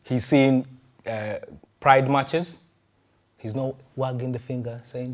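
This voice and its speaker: A man, a pastor, giving a conversational sermon full of rhetorical questions and quick restarts. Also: medium pitch.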